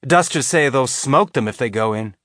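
A man's voice: medium pitch, animated, moderate pace, fairly bright tone, no echo, clean studio sound, close to an everyday voice. A man voicing an angry, mocking young female Marine in an audiobook. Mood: sullen. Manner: sullen, mocking.

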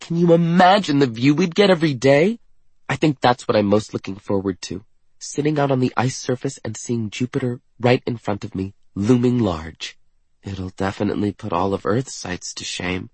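A man voicing an excited teenage girl trainee who gushes wistfully. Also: sits low, normal speed, hardly any pauses, husky, no echo, low-quality recording. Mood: gushing. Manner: gushing, wistful.

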